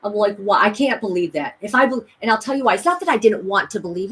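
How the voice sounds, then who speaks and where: A woman's voice: medium pitch, lively intonation, fast talker, hardly any pauses, rough recording. A woman vlogging a rambling, emphatic personal story, full of restarts and voices she quotes. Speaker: spiritual vlogger.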